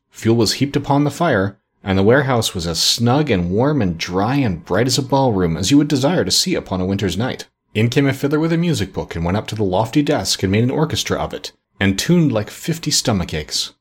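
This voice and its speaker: A man narrating a classic story as an audiobook in a measured, expressive reading. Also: fairly low pitch, slightly rough.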